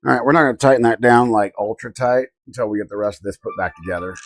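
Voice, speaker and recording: A man's voice: mid-range voice, fast, no room sound. A middle-aged man from Colorado hosting a casual live stream, talking to himself and his chat while he works. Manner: muttering to himself, reading chat aloud. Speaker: livestream host.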